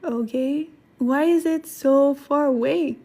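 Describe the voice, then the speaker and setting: A woman who is sick, giving a casual livestream language lesson, thinking aloud, clearing her throat and laughing at herself as she looks things up. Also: high-pitched, dark tone. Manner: slow careful explanations. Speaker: Korean language teacher on a livestream.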